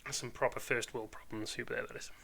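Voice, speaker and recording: A man's voice: mid-range voice, steady tone, fast talker, gravelly, pushed and bright, slight background noise. A man with a Welsh accent, chatting casually and rambling on a live stream, full of British slang.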